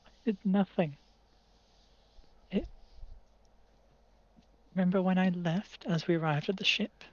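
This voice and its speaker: A player voicing a calm adult woman adventurer who explains things plainly, over slightly muffled online call audio. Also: medium pitch, a little slow, no echo, lightly acted.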